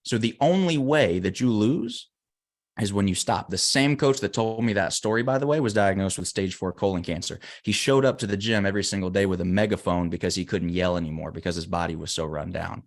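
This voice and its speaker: Earnest low-voiced man giving motivational advice. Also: a little fast. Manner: earnest, emphatic. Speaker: interview guest. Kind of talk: motivational storytelling.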